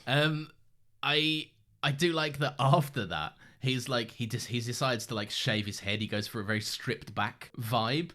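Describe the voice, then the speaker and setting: A man's voice: mid-range voice, a little slow, sharp tone. A man co-hosting a podcast, chatting casually, laughing often as he recaps scenes. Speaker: podcast co-host. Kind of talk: casual chat.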